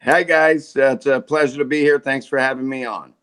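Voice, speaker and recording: A man in his forties, a voice actor and guest, telling stories in a jokey, relaxed way. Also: mid-range voice, brisk, smooth. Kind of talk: casual interview chat.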